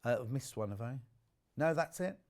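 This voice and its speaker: A man presenting on a live shopping channel, chatting warmly about fabrics and reading out viewer messages. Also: medium pitch, expressive, moderate pace. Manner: chatty, gushing over products, reads viewer messages aloud. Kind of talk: live TV sales chat. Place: TV studio.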